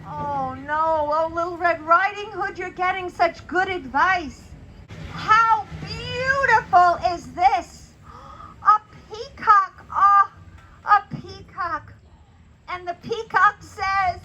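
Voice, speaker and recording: A woman reads a children's story aloud, stopping to ask her little listeners what they think. Her voice is bright and clear, and there is a faint hum behind her. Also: very high-pitched, slow pace, low-quality recording. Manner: animated, asks young listeners questions. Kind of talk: children's story time, puppet telling.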